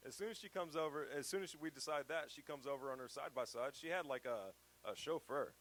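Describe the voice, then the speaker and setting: A man giving a casual storytelling talk to a live audience at a festival. He talks in a chatty, animated way, laughs often and uses lots of fillers. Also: on the high side, moderate pace. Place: event venue before an audience.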